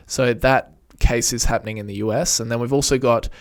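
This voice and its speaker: A man's voice: medium pitch, steady tone, fairly quick, vocal fry. A young man co-hosting a podcast, chatting casually and joking, his voice a bit worn from being unwell. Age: young adult. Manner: chatty, jokey, lots of fillers. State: unwell, strained voice. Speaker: podcast co-host.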